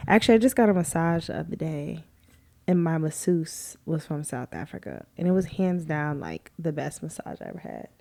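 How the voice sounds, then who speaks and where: Lively woman with a low voice, chatting. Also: a little fast, gravelly. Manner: animated storyteller, quotes people in voices. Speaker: podcast co-host. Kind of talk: casual chat.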